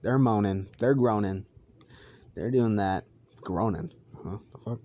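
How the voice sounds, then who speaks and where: A man's voice: on the low side, measured pace, mellow, highs cut off. A young man improvising a crude fan story, rambling, swearing and stumbling over names.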